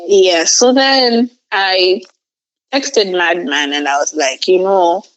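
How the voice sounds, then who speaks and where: A woman's voice: on the low side, very animated, takes it slowly, a bit bright, poor audio. A young woman, a podcast guest, telling a personal story casually, rambling with many filler words.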